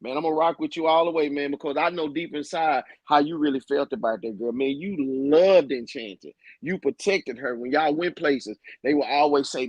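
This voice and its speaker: A man's voice: a little high, moderate pace, few pauses, a little mellow, no room sound. A man calling in, offering earnest, encouraging advice with a lot of repetition. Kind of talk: call-in advice.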